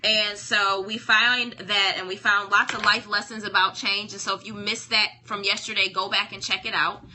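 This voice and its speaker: A woman's voice: mid-range voice, little pitch movement, moderate pace, sharp tone, a little hiss or hum. A woman hosting a live-stream book discussion. She talks in a conversational, preacherly way and keeps checking in with "right?". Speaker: live-stream host reading a self-help book.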